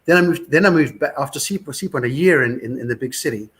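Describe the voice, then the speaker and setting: A man's voice: medium pitch, expressive, fast, fairly bright tone. A man in his sixties with a South African accent, a musician guest telling rambling, wry anecdotes in a casual interview. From Scotland, raised in South Africa.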